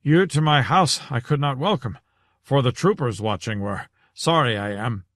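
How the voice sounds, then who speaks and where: A man's voice: medium pitch, expressive, normal speed, a bit bright, dry recording, close to an everyday voice. A man reading an audiobook, voicing a portly, breathless older innkeeper who gasps and speaks in inverted word order. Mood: gasping. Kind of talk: audiobook character voice.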